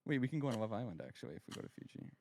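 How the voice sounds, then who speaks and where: A man's voice: medium pitch, expressive, racing, gravelly, warm tone, slight background noise. A man co-streaming a game, joking bluntly and swearing casually. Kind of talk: casual gaming stream chat.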